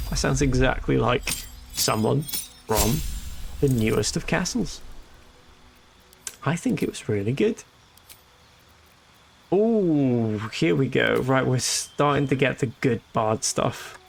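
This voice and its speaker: Gravelly man joking through a game. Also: medium pitch, slight background noise. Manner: joking, rambling, self-amused. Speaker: streamer. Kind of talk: casual let's-play commentary.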